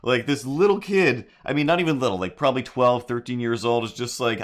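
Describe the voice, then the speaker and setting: A man's voice: medium pitch, fairly quick. A middle-aged man telling a rambling story on a live stream while drawing, breaking into silly made-up jingles. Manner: rambling, animated, sings silly improvised jingles. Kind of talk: casual livestream storytelling.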